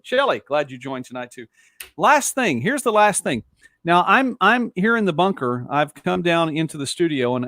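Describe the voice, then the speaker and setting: Chatty Southern host, dry close sound. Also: male voice, medium pitch, a bit bright, no echo. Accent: Southern US, softened. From born in Texas. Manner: chatty, rambling, reacts to viewer comments. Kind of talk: casual live-stream talk show. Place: home studio.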